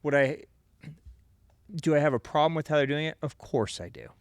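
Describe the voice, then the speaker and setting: A man's voice: fairly high pitch, normal speed, smooth, no echo. A man co-hosting a podcast, talking in a casual, rambling, opinionated way, full of "you know" and "right?". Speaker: podcast co-host.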